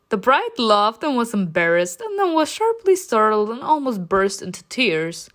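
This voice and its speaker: A woman's voice: fairly high pitch, very animated, moderate pace, hardly any pauses, fairly bright tone. A woman reading a romance story game aloud, reacting with laughter and playful swearing between passages. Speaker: game player reading a visual novel aloud.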